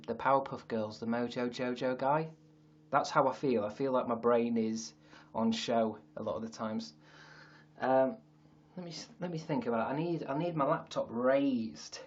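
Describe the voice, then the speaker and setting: In a muffled recording, a man with a mid-range voice and a Yorkshire accent rambles through a laid-back livestream from his sister's attic. He's self-mocking and swears a bit.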